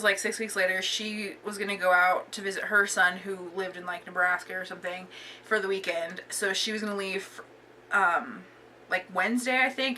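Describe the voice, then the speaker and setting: A woman's voice: mid-range voice, sharp tone, recorded from a distance, slight background noise. A young woman vlogger telling a casual storytime, chatty and full of filler words.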